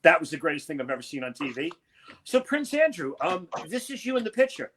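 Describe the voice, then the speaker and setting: A man doing a loud, brash and profane stand-up set over a video call. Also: fairly high pitch, sing-song, fast talker, background noise. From Connecticut. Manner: loud, brash and profane, with sudden shouted bursts. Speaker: stand-up comedian.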